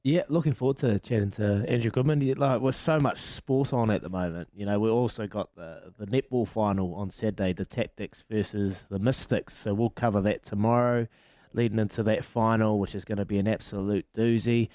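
Matey New Zealand radio host, dry studio sound. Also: male voice, fairly low pitch, fairly quick, no room sound. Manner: relaxed, matey, laughs often. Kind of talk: casual sports radio chat. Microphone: studio mic.

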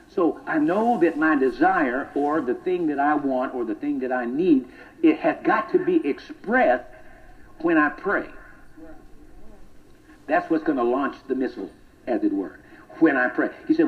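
A man with a fairly high voice preaches a sermon, repeating phrases in a steady rhythm. He drops to hushed whispers, then builds to loud, emphatic lines. The sound is tinny and thin, as if heard over a phone line. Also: normal speed.

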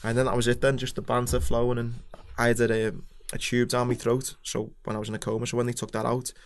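A man with a Scouse accent talks fast and frankly as a podcast guest. His pitch stays fairly even, and dark humour runs through his story. His tone is casual and open. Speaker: podcast guest, former Royal Marine. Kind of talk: casual chat.

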